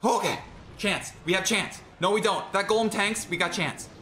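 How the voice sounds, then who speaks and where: A young man giving excitable, jokey running commentary on his own gameplay, talking to himself as he plays. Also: high voice, moderate pace, faint music behind. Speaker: gaming creator.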